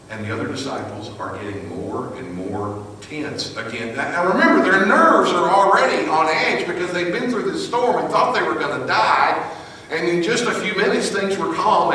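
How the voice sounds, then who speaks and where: Male storyteller-preacher, live sermon, swings loud to hushed; distant mic, long hall reverb. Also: a little high. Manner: vivid, shifts from loud to hushed. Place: live venue, large hall. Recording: echoey hall from a distance with noise.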